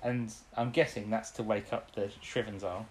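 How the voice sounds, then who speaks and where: A woman's voice: a bass voice, steady tone, normal speed, darkish tone. A woman co-hosting a podcast, casually recapping an episode, rambling and laughing often. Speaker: podcast co-host.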